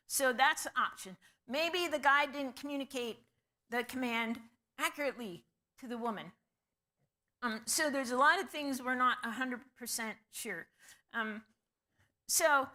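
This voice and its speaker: Woman bible teacher, kinda high bright voice, chatty, lots of questions and ums. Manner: conversational, asks the class questions, many ums. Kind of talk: Bible study lecture.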